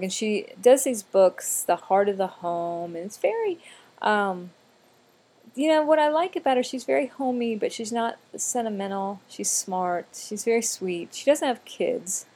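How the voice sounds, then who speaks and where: A woman's voice: mid-range voice, a little mellow. A middle-aged woman chatting casually, rambling from one aside to the next with a chatty, digressive manner.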